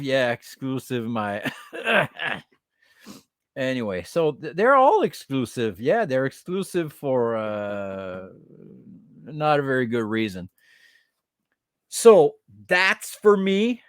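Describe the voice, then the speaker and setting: Podcast host, male, casual toy chat; mocking, giggly, unhurried delivery, slips into French. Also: medium pitch, dry recording, studio quality. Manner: mocking, giggles between remarks; switches into French at times.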